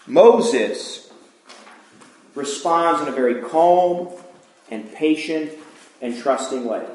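A man's voice: a little high, slow, long pauses. Man preaching casually in an echoey room. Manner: relaxed, informal, asks the listeners questions. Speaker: pastor. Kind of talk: conversational sermon.

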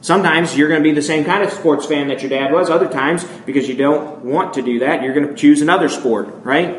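A man with a northern American accent gives a sermon in a relaxed, conversational way, often asking his listeners "right?" and leaning hard on key points. His voice sits a little high for a man. The room is echoey, with a faint hum of ambience behind him. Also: brisk. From northern United States. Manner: conversational, asks "right?" often, animated emphasis. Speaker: preacher.

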